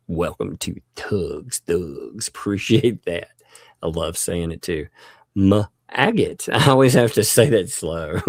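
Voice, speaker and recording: A man's voice: low voice, creaky, a little mellow, no echo, clean studio sound. A man hosting a livestream, chatting casually, thanking viewers and laughing often. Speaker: livestream host.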